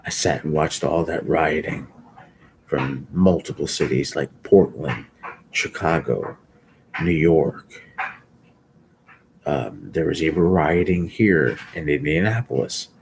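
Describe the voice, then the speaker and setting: A sleepy man speaking live commentary in a slow, halting way, often repeating himself. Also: rumbling low, creaky, a little hiss or hum, low-quality recording. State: sleepy, yawning. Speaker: livestream commentator.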